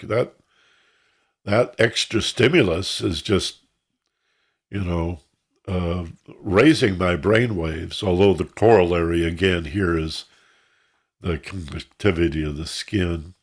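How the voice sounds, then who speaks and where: A man's voice: low-pitched, a little slow, husky. A man teaching an online class, explaining in a rambling way and imitating sounds to make his points, heard over a video call. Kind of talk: informal online class talk.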